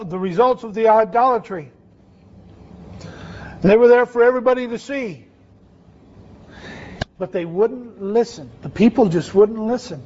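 In a muffled recording with a bit of hiss or hum, a man delivers a conversational sermon and questions his listeners. His voice is high and darkish in tone.

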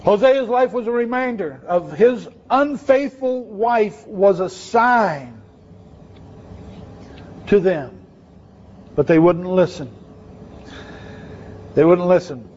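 A man's voice: sits high, animated, takes it slowly, pauses often, a little mellow, highs cut off, slight background noise. A man preaching a sermon in a conversational way, asking his listeners questions. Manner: conversational, asks the audience questions.

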